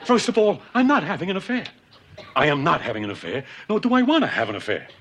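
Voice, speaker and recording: An exasperated sitcom husband. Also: male voice, a little high, big pitch swings, quick pace, fairly bright tone, slight background noise. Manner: exasperated, blustering, then tender. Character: exasperated middle-aged husband. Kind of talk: sitcom acting before a studio audience.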